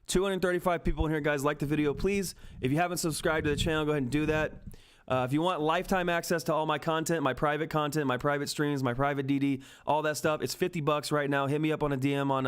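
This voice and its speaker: A man hosting a live stock market stream, talking excitedly and emphatically to his chat from home, repeating himself for emphasis. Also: fairly high pitch, smooth. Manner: hyped, repetitive, emphatic, swears mildly. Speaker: stock market livestream host.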